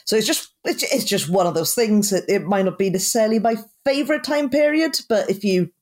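A woman from Italy with an Italian accent, co-hosting a podcast in casual chat, dry and understated, talking in quick bursts with hesitations. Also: mid-range voice, darkish tone. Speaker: podcast co-host.

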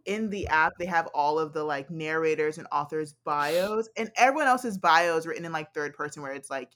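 A woman's voice: low-pitched, normal speed, fairly bright tone. A young woman co-hosting a podcast in casual chat, blunt and teasing, swearing freely. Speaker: podcast co-host.

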